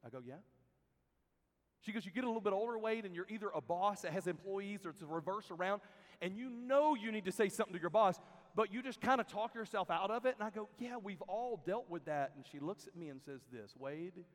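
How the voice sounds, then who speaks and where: A high-pitched man preaches to a room of students, his voice ringing out with a long reverb tail. He tells stories, dropping to a hush and then building to loud, emphatic peaks. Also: brisk. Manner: storytelling, swings from hushed to loud and emphatic. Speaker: youth camp speaker. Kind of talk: sermon. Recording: reverberant hall.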